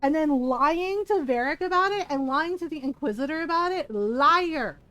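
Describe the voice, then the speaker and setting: A woman's voice: high-pitched, animated, moderate pace, fairly bright tone. A woman streamer giving casual, profane, mock-outraged commentary while playing a video game.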